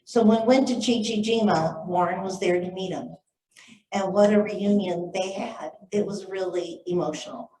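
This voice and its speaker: A middle-aged woman telling a lively anecdote to a live audience at a library talk, acting out the voices of the people in it. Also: medium pitch, normal speed, recorded from a distance, slight background noise. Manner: lively anecdotal storytelling, acts out quoted voices. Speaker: author and speaker. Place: library event room. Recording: echoey room, voice picked up from afar.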